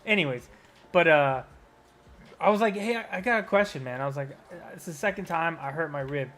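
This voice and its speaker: A man in his thirties co-hosting a podcast, telling stories in casual chat, animated and swearing freely. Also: on the high side, fairly quick. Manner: animated storyteller, swears a lot. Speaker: podcast co-host.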